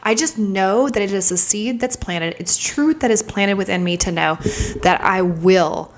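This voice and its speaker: A woman's voice: mid-range voice, unhurried, slight background noise. Candid woman in her thirties, reflective. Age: 30s. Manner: candid, searching, trails off into soft whispers when reliving moments. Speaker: vlogger. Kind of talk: reflective personal storytelling.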